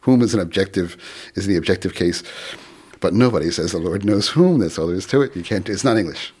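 Lively Philadelphia-accented man explaining. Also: deep voice, fairly quick, slightly rough. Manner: lively, playful explainer, trails off and restarts. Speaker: guest author. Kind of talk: radio interview.

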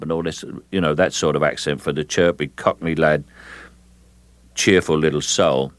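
This older English actor, interviewed on the radio, has a rumbling low voice with no room sound. His delivery is slow and measured, and he repeats words as he thinks.

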